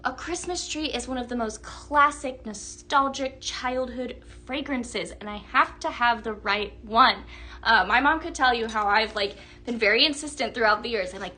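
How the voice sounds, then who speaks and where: A woman's voice: fairly high pitch, moderate pace, bright, forceful tone. A woman hosting a casual live shopping stream, chatty and gushing, talking to viewers and reading their comments aloud. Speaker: livestream sales host.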